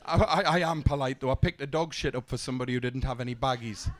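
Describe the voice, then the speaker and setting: A young man doing a stand-up set, telling deadpan one-liners with stumbling restarts, on a comedy club stage. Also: medium pitch, fast talker, a faint crowd. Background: audience laughter.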